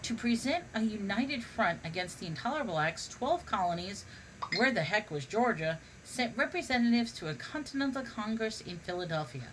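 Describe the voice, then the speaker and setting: A woman's voice: mid-range voice, lively intonation, normal speed, slight background noise, rough recording. A woman reading a humorous history book aloud, now and then stumbling and restarting on a word. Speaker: reader.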